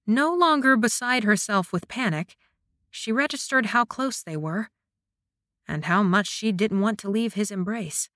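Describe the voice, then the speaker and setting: A woman narrating an audiobook in a measured, scripted reading. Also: medium pitch, fairly bright tone, no room sound, clean studio sound.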